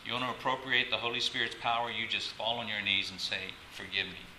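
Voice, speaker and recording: A man pastor giving a casual, halting sermon to his congregation, repeating words and laughing often. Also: on the low side, little pitch movement, bright, forceful tone. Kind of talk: conversational sermon. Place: church sanctuary. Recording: echoey room, faint ambient noise.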